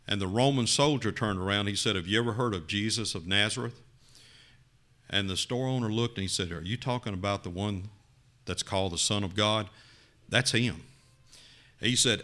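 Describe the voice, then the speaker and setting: A man preaching a sermon, telling a story with dramatic rises and quiet drops. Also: normal speed. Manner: dramatic, rising to loud emphasis then dropping low.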